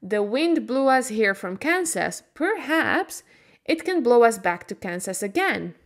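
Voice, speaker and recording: A woman gives voice to a kindly old wizard, brisk and cheerful, in a storybook telling. The lines come slow and plainly spoken. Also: a little high, sing-song. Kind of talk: storybook reading for learners.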